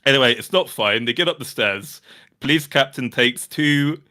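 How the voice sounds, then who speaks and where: A British man chats casually on a stream and tells the story with a bright, forward tone. He swears freely, laughs often, and keeps an animated, rambling storyteller's flow. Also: mid-range voice, moderate pace. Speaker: streamer host. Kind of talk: casual chat.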